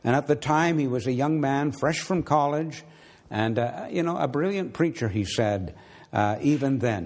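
A man's voice: mid-range voice, lively intonation, moderate pace, a little mellow. A man preaching a sermon and telling a personal story in an earnest, conversational way, his voice lifting when he exhorts his listeners.

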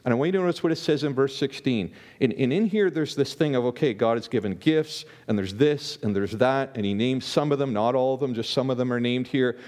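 A man's voice: medium pitch, fairly quick, few pauses, a little mellow. A man preaching a conversational sermon as a pastor, often repeating words and restarting his sentences.

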